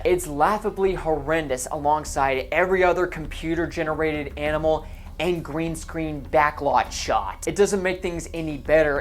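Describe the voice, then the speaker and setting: A man's voice: fairly high pitch, a little hiss or hum. A man narrating a movie review voice-over in a sarcastic, exasperated way.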